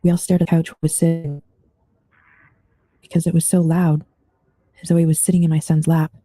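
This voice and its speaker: A man narrating true ghost stories in a steady, level reading voice. His tone is very dark and mellow, and it stays flat with little rise or fall. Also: fairly high pitch, brisk. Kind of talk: scripted true-story narration.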